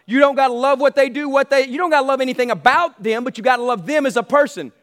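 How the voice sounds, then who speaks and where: A man's voice: very high voice, quick pace, fairly bright tone. A man preaching a sermon as pastor, emphatic and repetitive, calling out to his congregation.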